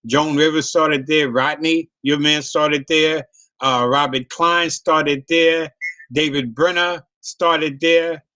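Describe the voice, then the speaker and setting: A man's voice: a little high, steady tone, slow, pushed and bright. A man hosting a casual interview, telling loose profane stories with many restarts and repeats. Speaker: host.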